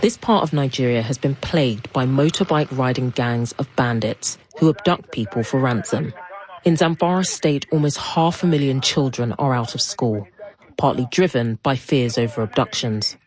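A woman reporter narrating a news feature in a calm, steady voice. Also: extremely low pitch, moderate pace, poor audio.

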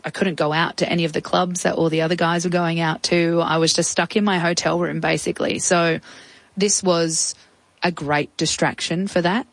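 A woman's voice: on the low side, fairly even intonation, normal speed, no room sound, poor audio. A woman with an Australian accent, probably in her thirties, telling her personal story in an interview with casual, reflective talk and lots of quoted speech. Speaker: interview guest.

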